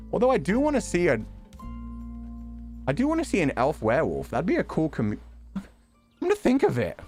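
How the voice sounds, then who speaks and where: A man's voice: fairly high pitch, wildly swooping pitch, a little fast, long pauses, a little mellow, soft background music. A man casually commentating while he streams a fantasy tavern game, swearing freely and laughing often.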